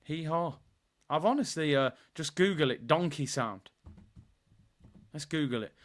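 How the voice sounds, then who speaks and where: A young man, hosting a live football watchalong and chatting in a rambling, playful way. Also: normal speed. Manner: animated, rambling, playful, bursts into high shouts. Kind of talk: casual live-stream chat.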